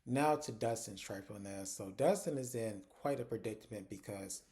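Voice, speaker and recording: A man's voice: fairly low pitch, normal speed, warm tone. A man hosting a casual recap of TV episodes, chatty and conversational, retelling scenes with lots of "like". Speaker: TV recap host.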